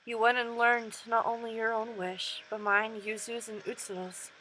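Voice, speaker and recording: Woman voicing a gruff kindly older man. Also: on the high side, little pitch movement, normal speed, pushed and bright, a little hiss or hum, poor audio. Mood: encouraging.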